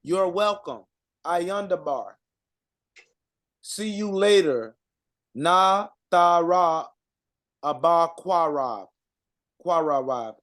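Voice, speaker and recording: A man with a fairly high voice talks slowly through an informal language lesson. He reads out words one by one, stops to sound them out, and fills the gaps with "uh" and "um". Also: fairly bright tone. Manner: halting, sounds out words, many fillers. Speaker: co-presenter reading out vocabulary.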